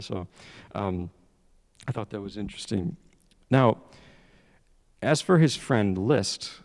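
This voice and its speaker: A man giving a public lecture as a piano teacher, speaking in a halting, conversational way with frequent restarts. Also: fairly low pitch, a little mellow. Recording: long hall reverb.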